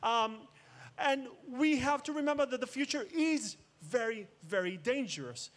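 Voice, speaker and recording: A man's voice: extremely high pitch, animated, a little slow. A man giving a keynote talk, mixing jokes with dramatic storytelling. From Israel. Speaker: conference speaker. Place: outdoor festival main stage.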